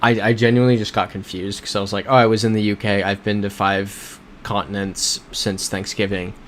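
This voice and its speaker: A man's voice: on the low side, flat delivery, fairly quick, slight background noise. A man hosting a casual livestream while playing a geography game, talking in a rambling, self-correcting way and answering chat. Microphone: desk microphone.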